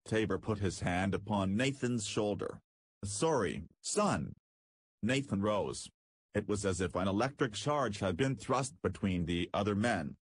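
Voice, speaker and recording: A man narrating an audiobook in a measured storytelling manner. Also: lowish voice, husky, dry recording. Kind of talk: scripted narration.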